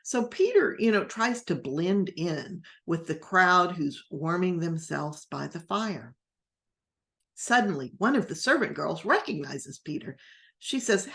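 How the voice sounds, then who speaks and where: A woman pastor tells a Bible story to her class at an unhurried pace. Her lower voice rises and falls a great deal as she rambles gently through the scene and acts out the quotes. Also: big pitch swings, gravelly.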